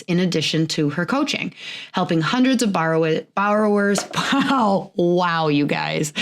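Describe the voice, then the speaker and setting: Chatty woman podcast host, full of "like". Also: fairly low pitch. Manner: chatty, rambling, lots of "like"; laughs often while talking. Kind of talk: casual chat.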